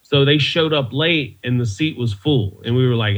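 A man's voice: medium pitch, moderate pace, few pauses. A man, a comedian, telling stories casually in an interview, rambling and laughing as he goes. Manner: rambling, laughs often, frequent restarts. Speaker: comedian and former comedy club door guy. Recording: dull lo-fi audio.

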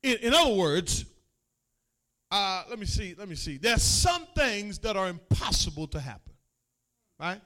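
High-voiced pastor man preaching slow, calls out to the crowd, gets shouty and sing-song. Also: big pitch swings. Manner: call-and-response preaching, rising to shouts. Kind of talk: sermon.

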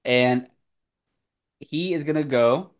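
A man running a tabletop game as game master, swearing and laughing often, with loud outbursts. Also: mid-range voice, slow.

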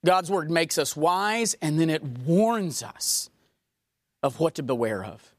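A woman preaching a sermon, emphatic and swinging from raised to hushed, asking the congregation questions. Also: low voice, animated, slow, dry recording, studio quality.

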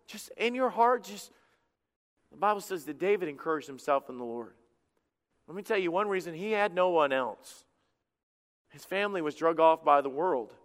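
A man preaching a sermon as pastor, impassioned, swinging from loud outbursts to hushed lines. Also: sits high, normal speed. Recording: long hall reverb.

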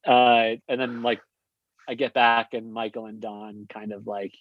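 A man's voice: medium pitch, little pitch movement, dry recording. Chatty young man telling stories. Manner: quick, chatty, lots of fillers. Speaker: guest. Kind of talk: casual storytelling. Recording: dull lo-fi sound.

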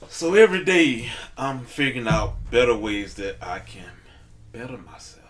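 A man's voice: mid-range voice, normal speed, a little hiss or hum. A man and aspiring stand-up comedian in a casual podcast chat, talking earnestly and with a motivational drive, and often saying "let me tell you.".

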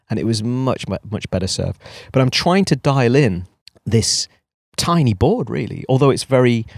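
A man's voice: fairly low pitch, a little mellow, no echo, clean studio sound. A man co-hosting a podcast in casual chat, thinking aloud in a reflective way. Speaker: podcast co-host.

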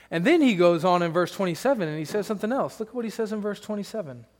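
A man's voice: high voice, big-room sound. A man pastor preaching a sermon, conversational and emphatic, with rhetorical questions to the congregation.

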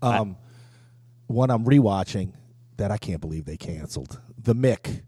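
A man co-hosting a podcast in casual chat, tossing out deadpan wisecracks. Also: fairly low pitch, unhurried, husky, dry recording, clean studio sound.

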